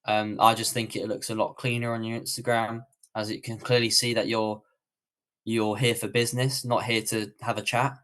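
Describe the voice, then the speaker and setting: A man's voice: lowish voice, little pitch movement, normal speed, a bit bright. A man with a British accent answering viewer questions on a livestream tutorial, in a casual, rambling way with many fillers and restarts. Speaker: online coach.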